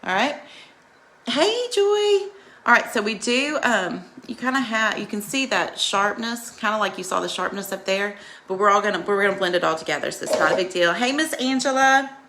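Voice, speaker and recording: A woman's voice: medium pitch, brisk, bright, forceful tone, a little hiss or hum. A woman hosting a live makeup tutorial, chatting and greeting viewers by name while coaching them through each step in a reassuring way.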